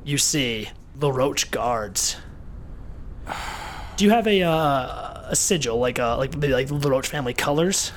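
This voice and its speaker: A man's voice: mid-range voice, animated, a little slow, slight background noise. A man narrating a tabletop game as game master, describing scenes loosely with many restarts.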